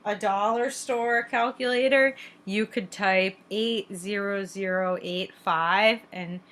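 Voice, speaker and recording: A young woman co-hosting a podcast, chatting casually about a TV show and telling stories with lively voiced quotes. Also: medium pitch, slow. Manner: animated storytelling with voiced quotes and laughs. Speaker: podcast co-host. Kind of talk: casual chat recapping a TV show.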